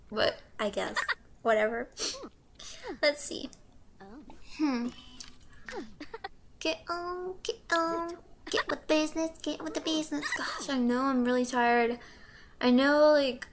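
A young woman talks her way through a video game in a slow, unhurried way, playful and giggly, breaking into little hummed tunes. Her voice is high and bright. Faint hiss and mouse clicks sit under her home-mic recording. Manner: playful, sings and hums to herself, giggly. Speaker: gameplay commentator. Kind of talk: casual gameplay commentary.

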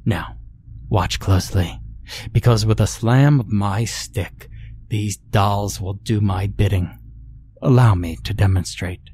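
A man's voice: fairly low pitch, slow pace, mellow, slight background noise. A man voicing a theatrical, courtly doctor with a sinister showman's air, in a horror storybook narration. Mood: showy. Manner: grand, courtly, speaks of "my dear".

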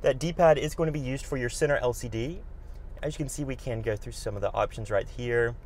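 Brisk male dealership car tour guide. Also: medium pitch, darkish tone, a little hiss or hum. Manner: brisk, listing features in short bursts. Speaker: car salesperson giving a vehicle tour. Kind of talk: walkaround product tour.

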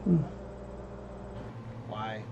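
A man's voice: drawn-out words, phone-quality sound, a little hiss or hum. A man chatting casually on a livestream, rambling and joking and trying out silly impressions. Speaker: streamer.

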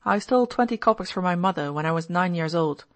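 A woman's voice: lowish voice, lively intonation, quick pace, lightly acted. A woman reading the part of a sober young man who speaks bluntly and irritably. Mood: plain.

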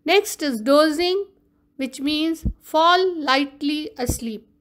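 A woman's voice: high voice, a bit bright. A woman teacher giving an online lesson, carefully explaining vocabulary. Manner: slow, explaining word meanings carefully.

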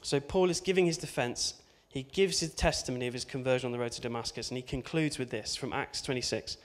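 A man's voice: medium pitch, fast talker. Chatty man preaching a sermon. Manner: conversational, chatty, with asides and tag questions. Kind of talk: informal sermon.

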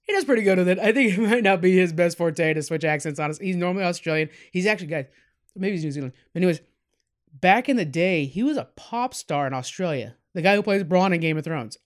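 A man's voice: sits high, lively intonation, fast. A man hosting a podcast, giving a casual, rambling film review full of fillers and asides to his listeners. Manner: rambling, chatty, many fillers, addresses listeners as guys.

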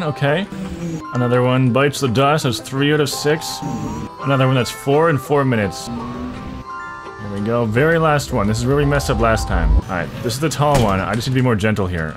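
A man giving casual, excitable gameplay commentary, swearing a lot and breaking into loud frustrated outbursts. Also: medium pitch. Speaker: gaming video creator.

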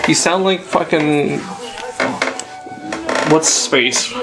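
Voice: medium pitch, lively intonation, a little slow. Joking young adult gamer, crude humor. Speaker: let's play player. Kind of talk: casual gaming chat. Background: game music.

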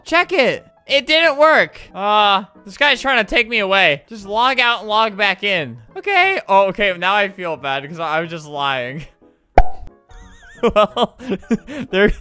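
A young woman giving playful gameplay commentary, swinging into loud squealing excitement. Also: medium pitch, unhurried, faint music behind. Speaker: Roblox gaming YouTuber.

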